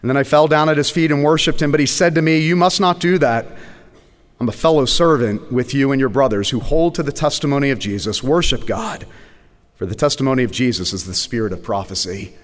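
A man preaching a sermon as pastor, slowing down and dropping low and quiet on key words for emphasis. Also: long reverb tail.

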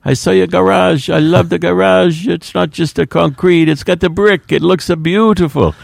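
A man's voice: steady tone, normal speed, creaky, no echo, clean studio sound. A man doing an exaggerated Italian accent as an elderly Italian man who is effusively admiring. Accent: put-on Italian. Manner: high, sing-song exclamations.

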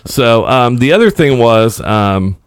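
A man's voice: medium pitch, lively intonation, takes it slowly, smooth, no room sound, clean studio sound. A man on a casual podcast telling a story about a customer complaint, landing his punchlines dryly. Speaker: podcast co-host.

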